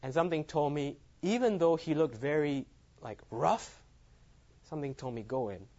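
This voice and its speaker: A man's voice: on the high side, expressive, moderate pace, mellow. A man giving a sermon as he tells a personal story, laughing often at his own lines. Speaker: preacher. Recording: dull lo-fi sound.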